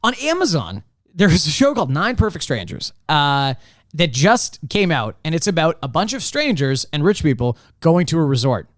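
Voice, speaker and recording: A man co-hosting a podcast in casual chat, rambling and animated, with lots of fillers and laughs. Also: fairly high pitch, normal speed, dry recording, clean studio sound. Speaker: podcast co-host.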